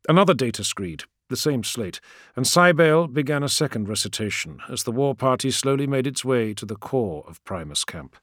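A man narrating a story in a measured, dramatic storytelling manner. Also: fairly low pitch, dry recording, clean studio sound. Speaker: audiobook narrator. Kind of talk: scripted narration.

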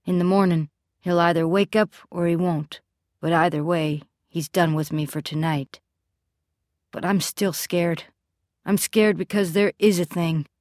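A woman with a fairly low voice narrates a story in the first person, measured and steady. The recording is dry and close, like a studio booth, with nothing around the voice. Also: no room sound. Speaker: audiobook narrator.

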